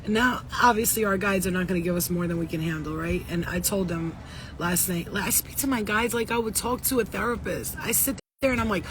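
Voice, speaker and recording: Field: chatty spiritual woman vlogger, rough voice. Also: medium pitch, expressive, quick pace, background noise. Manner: chatty, repetitive, swears casually, greets viewers. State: voice roughened, coughing. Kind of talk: casual spiritual talk to viewers.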